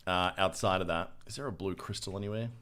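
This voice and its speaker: A young man streaming a game, chatting casually with a relaxed, joking manner and casual swearing. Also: sits low, fast talker. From Australia. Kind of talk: casual gameplay chat.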